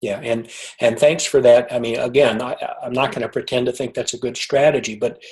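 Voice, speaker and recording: A man, a guest author, telling a personal story in conversation, halting and repeating words as he gets emotional. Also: medium pitch, steady tone, a little mellow, low-quality recording.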